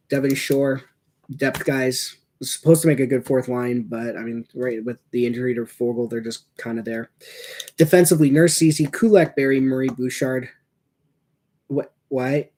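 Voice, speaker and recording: A man's voice: medium pitch, a little mellow. A man giving casual watch-along commentary as a hockey fan, rambling and reacting, with many fillers.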